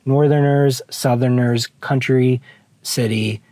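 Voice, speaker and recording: A man's voice: mid-range voice, fairly even intonation, slow pace, mellow, no room sound. A young man from Southern Virginia vlogging from his car, rambling casually and cutting himself off mid-thought. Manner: rambling, self-interrupting. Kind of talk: casual chat to camera. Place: parked car.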